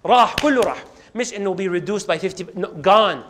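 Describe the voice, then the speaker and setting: Male preacher, high-pitched storyteller who acts out the scenes. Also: very fast. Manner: animated, acts out the scenes, quotes Quranic Arabic. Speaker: Islamic preacher. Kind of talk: storytelling sermon.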